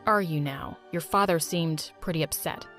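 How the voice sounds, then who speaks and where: A gentle, earnest young man talks in a lowered, hushed voice, as a woman narrator puts him on. He stays sincere and soft-spoken, with faint music under the storybook reading. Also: normal speed, close to an everyday voice. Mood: hurt.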